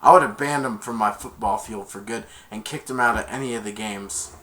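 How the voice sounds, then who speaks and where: A man recapping a movie in a loose, rambling way. His sentences stall and restart, and he jumps into loud, excited quotes of the characters. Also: lowish voice, fairly quick. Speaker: movie reviewer. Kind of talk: rambling movie plot retelling.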